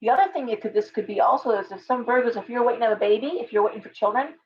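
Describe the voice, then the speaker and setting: A woman's voice: on the high side, very fast, a little hiss or hum. A woman hosting a casual livestream tarot reading, talking in a chatty, rambling way with restarts and asides. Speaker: tarot reader, livestream host. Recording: dull lo-fi stream audio.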